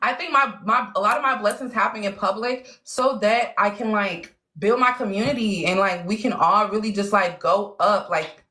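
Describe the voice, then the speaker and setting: A woman hosting a casual live chat, excitable and slangy, laughing often as she talks. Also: medium pitch, moderate pace, hardly any pauses. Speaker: livestream host.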